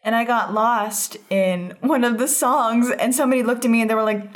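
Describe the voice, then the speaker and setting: Giggly young woman in casual chat. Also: on the high side. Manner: giggly, quick reactions.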